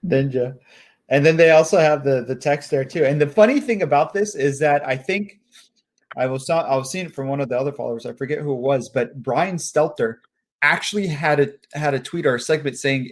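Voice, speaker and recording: A man's voice: fairly high pitch, animated, fairly quick. A man co-hosting a casual political chat, blunt and crude, often repeating words as he talks. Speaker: podcast co-host.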